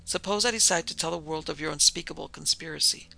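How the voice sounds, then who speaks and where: Guy doing a trapped young doctor pushing back, gravelly and tense. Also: fairly high pitch, quick pace, pushed and bright, slight background noise, full character voice. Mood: defiant. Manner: tense and defiant. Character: desperate young male research doctor, cornered and defiant.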